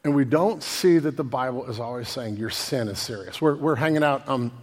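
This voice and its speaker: A man preaching a sermon as pastor, casual and animated, using slang and acting out voices. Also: mid-range voice, fairly quick, big-room sound.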